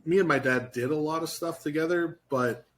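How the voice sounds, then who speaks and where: A man co-hosting a podcast, talking casually in a reflective, halting way with frequent restarts and casual swearing. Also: on the high side. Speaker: podcast co-host.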